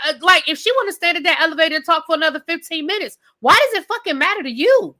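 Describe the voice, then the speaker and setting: Bright, fired-up woman ranting to camera. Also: very high voice, fast talker, hardly any pauses. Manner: animated, profane, emphatic ranting; direct address to viewers. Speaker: TV show reviewer. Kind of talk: live rant and review.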